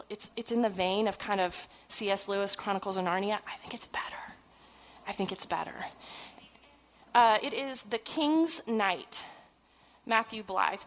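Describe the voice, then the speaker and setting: A woman in her forties, a parenting trainer giving a humorous conference talk, chatty and animated, with asides and self-deprecating jokes. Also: medium pitch, low-quality recording. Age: 40s.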